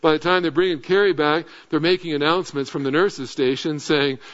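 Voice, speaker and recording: A middle-aged male pastor telling a lively story in a sermon, then sinking into earnest, low, quiet appeals. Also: brisk. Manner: animated anecdote, dropping to earnest low tones. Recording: dull lo-fi sound.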